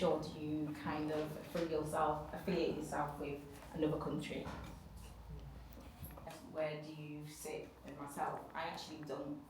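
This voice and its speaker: A woman moderating a panel discussion, calmly putting questions to the audience and the speakers. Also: low-pitched. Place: indoor room with an audience. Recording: echoey room, distant, noisy.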